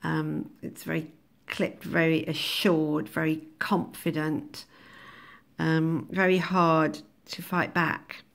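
A woman's voice: low voice, little pitch movement, takes it slowly, gravelly. A woman, teaching a recorded lesson on a poem, thinking aloud with many ums and laughing at her own jokes. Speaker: English teacher.

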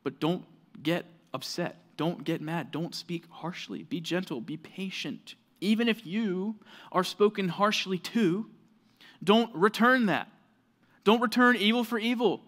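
Earnest conversational male preacher, higher voice. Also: a little slow, fairly bright tone. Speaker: pastor. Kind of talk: sermon.

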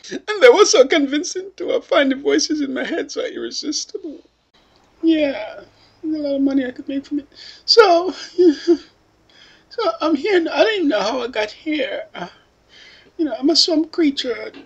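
A high, babyish, whimpering voice swoops up and down as a foul-mouthed witness addresses lawmakers, put on by a woman. The speech wobbles between teary whining and crude threats, all in a mocking parody tone. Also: expressive, moderate pace, creaky, muffled recording. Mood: whiny, rambling. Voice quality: put-on baby voice.

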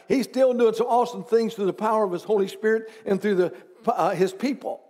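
High-voiced preaching man. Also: a little fast, darkish tone. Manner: conversational preaching with rhetorical questions and teasing asides. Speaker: pastor. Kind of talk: sermon. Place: church.

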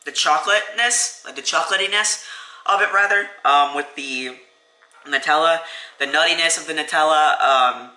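Filmed on a phone held without a tripod, this casual restaurant vlog has a man talking up a sandwich, full of fillers and enthusiasm. His slightly high voice moves at normal speed with a pushed, bright quality. The sound is roomy and the recording quality poor.

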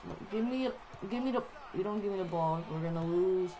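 A woman giving live commentary over a basketball video game, excitable and playful, trash-talking the players. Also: lowish voice, a little fast, a little hiss or hum, low-quality recording. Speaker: gaming channel host.

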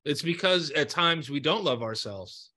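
Bright-voiced earnest man, encouraging host. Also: a little high, animated, measured pace. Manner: earnest, encouraging, repeats himself, swears freely. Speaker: podcast host. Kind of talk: heartfelt interview chat.

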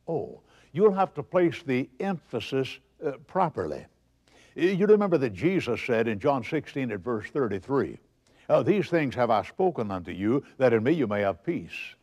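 Animated preacher man, lively voice. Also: mid-range voice, normal speed. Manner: emphatic, animated preaching with quoted scripture. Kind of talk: televised sermon.

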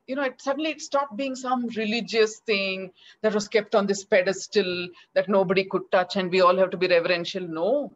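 A middle-aged woman with an Indian English accent tells a story in an interview and acts out each line of quoted dialogue. Her pitch sits in the middle for a woman. The video-call audio is slightly dull and lo-fi. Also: slight background noise. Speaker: children's author.

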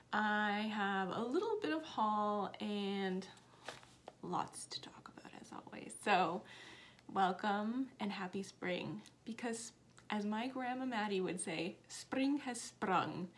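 A woman's voice: medium pitch, fairly bright tone, slight background noise. A woman in her thirties hosting a casual cross stitch vlog from home, rambling and self-deprecating with lots of chatty asides. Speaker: cross stitch video host. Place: home office.

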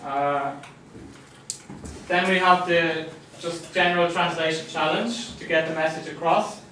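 A man's voice: on the high side, fairly even intonation, measured pace, pushed and bright, slight background noise. A man with an Irish accent lecturing a class in a jokey way, often checking that students understand. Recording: echoey room, mic from far off.

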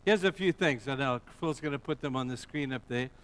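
A man's voice: medium pitch, a little fast, fairly bright tone. A man preaching a sermon in an emphatic, storytelling way with conversational asides.

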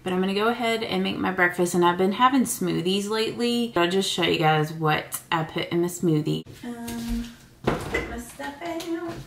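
A woman's voice: lowish voice, a little fast, creaky, few pauses, reverberant, slight background noise. A woman narrating her day in a casual vlog at home, chatty and full of "like" and side remarks. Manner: chatty, sprinkled with "like" and trailing asides. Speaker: vlogger.

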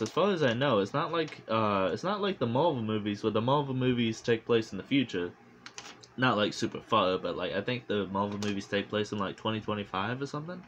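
A man reviewing a movie in a casual vlog, rambling and animated, full of fillers and swearing, recorded on a phone. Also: lowish voice, slight background noise.

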